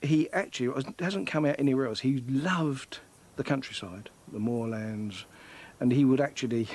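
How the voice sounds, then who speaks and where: A man looks back on old times with a friend. His voice sits at an ordinary middle pitch. He recalls them fondly, taking his time. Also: moderate pace, a little mellow. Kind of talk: reminiscing interview clip.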